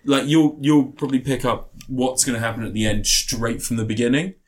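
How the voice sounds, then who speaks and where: A man co-hosting a podcast, retelling film scenes in a rambling, animated way with playful put-on voices. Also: mid-range voice, brisk. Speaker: podcast co-host. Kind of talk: casual film review chat.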